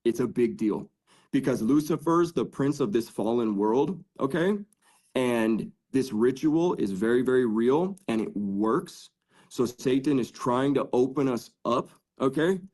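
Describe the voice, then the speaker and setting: A man's voice: mid-range voice, expressive, measured pace, darkish tone. A man on a podcast telling his faith testimony in an earnest, casual way, full of "dude" and "like". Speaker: podcast guest.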